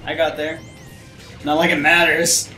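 A man's voice: on the high side, level tone, measured pace, sharp tone. Laid-back man in a roomy space. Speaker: co-host playing a video game. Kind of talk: casual gaming chat. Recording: roomy with game music behind.

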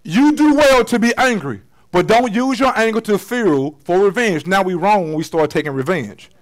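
Male pastor, high voice, conversational church sermon, loud-to-soft swings. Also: expressive, moderate pace, low-quality recording. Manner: conversational preaching with slang, swings from loud to hushed. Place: church sanctuary.

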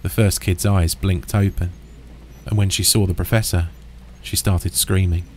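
A man narrating a first-person horror story in a steady, understated, deadpan way. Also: low voice, moderate pace, slight background noise.

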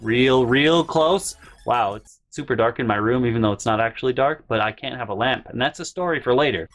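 A man hosting a comedic storytime vlog from his bedroom, telling stories with a sarcastic, animated delivery. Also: medium pitch, fast, faint music behind. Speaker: vlog host.

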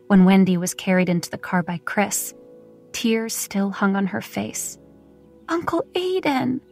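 A woman narrating a romance audiobook in a steady, even storytelling manner. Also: mid-range voice. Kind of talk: scripted narration.

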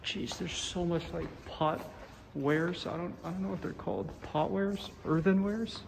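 A man's voice: sits high, steady tone, unhurried, gravelly. A young man chatting casually as he walks through a campus building and museum, a little out of breath, with wry asides. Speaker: vlogger. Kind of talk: casual vlog commentary while walking.

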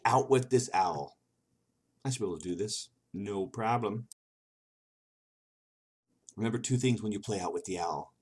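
A man's voice: on the low side, normal speed, pauses often, darkish tone, husky. A man reading an old computer game's text aloud and reacting to it with sarcastic, swearing asides. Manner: sarcastic, swearing, laughing at the game. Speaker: gaming video host.

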